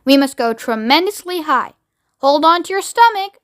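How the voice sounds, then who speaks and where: A woman voicing an eccentric, excitable older male candy maker who talks in high, grand exclamations. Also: moderate pace. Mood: excited.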